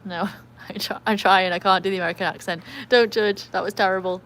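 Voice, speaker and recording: An English woman chats her way through a casual live stream, rambling easily from one thought to the next. She pauses to read viewer comments aloud, and her voice sits at an ordinary middle pitch. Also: fairly even intonation, a bit bright, a little hiss or hum. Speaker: livestream host with a trick dog.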